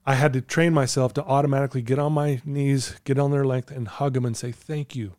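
A man's voice: mid-range voice, flat delivery, fairly quick, a little mellow, no echo, studio quality. A middle-aged man sharing parenting advice in a casual podcast chat, earnest and coaching. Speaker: podcast guest.

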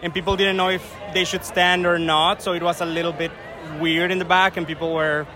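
A man's voice: high voice, level tone, a little fast, crowd noise. A man in a casual chat outdoors on a city street, eager and chatty, laughing easily.

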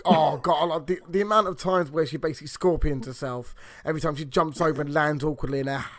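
A man's voice: on the high side, steady tone, quick pace, over a noisy crowd. A man hosting and recording a casual podcast, joking and swearing in loose banter. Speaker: podcast host who records the show. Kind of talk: casual chat.

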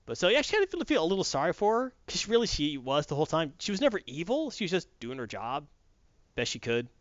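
A man's voice: on the high side, very animated, fast, no room sound. A man in casual chat, retelling a story animatedly and acting out characters. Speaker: podcast co-host. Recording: dull dry sound.

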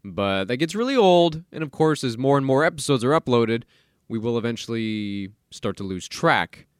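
Male podcast host, lively sarcastic solo rant, very dry close sound. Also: medium pitch, moderate pace, smooth, no echo. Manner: animated, sarcastic, rants and mock-quotes people. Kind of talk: casual solo podcast monologue. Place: recording studio.

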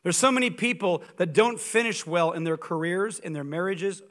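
A man preaching as a guest speaker, telling stories in an animated, humorous and emphatic way. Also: sits high, moderate pace. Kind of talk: sermon.

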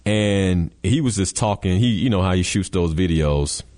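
A man's voice: sits low, normal speed, darkish tone. A man hosting a motivational radio talk show, speaking emphatically and addressing listeners directly.

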